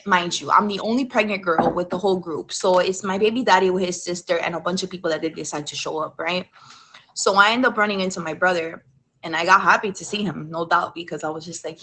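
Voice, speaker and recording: A woman's voice: lowish voice, a little fast, slightly rough, rough recording. A young adult woman, a podcast guest, telling a rambling personal story in a casual way with lots of "like" and some cursing. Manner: rambling, animated, with frequent "like" and cursing.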